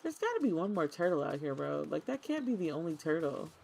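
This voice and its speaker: A woman streamer chatting casually and excitedly to her viewers while she plays a cozy game, often talking to the game itself. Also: sits low, fairly quick, creaky, a little hiss or hum. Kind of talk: casual gaming stream chat.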